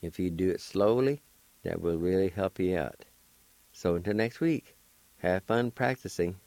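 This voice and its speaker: Slow, deep-voiced man teaching syllables. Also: a little mellow, no room sound. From United States. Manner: patient, spells out letters and syllables one by one. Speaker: radio host teaching Cherokee words. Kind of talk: slow spelled-out language lesson.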